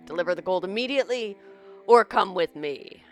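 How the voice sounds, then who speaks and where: A woman reading a stern town guard's lines aloud in loud, clipped commands. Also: lowish voice, lively intonation, a little fast, faint music behind, lightly acted.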